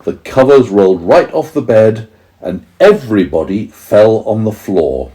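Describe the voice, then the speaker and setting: A man reads a bedtime story to a small child in a deep, mellow voice. He goes slowly and patiently. His pitch rises and falls expressively as he pauses to explain words. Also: lively intonation. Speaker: parent reading to his child.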